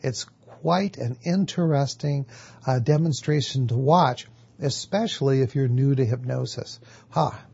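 A man's voice: medium pitch, measured pace, gravelly, a little mellow, breathy edge, muffled recording. A man teaching a lecture on hypnotherapy, explaining step by step and answering his own questions. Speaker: hypnotherapy instructor.

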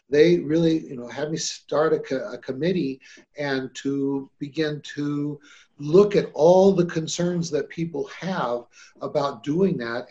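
A man hosts a casual podcast chat in an upbeat, chatty manner. His voice sits on the high side for a man. The sound is muffled and lo-fi. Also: mellow. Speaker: host and hypnosis trainer.

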